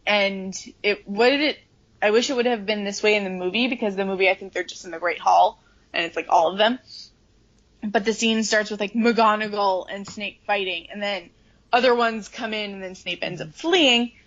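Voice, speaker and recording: A woman's voice: mid-range voice, normal speed, fairly bright tone, highs cut off. A woman co-hosting a podcast, chatting casually and animatedly about a book, swearing freely and acting out the characters. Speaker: podcast co-host.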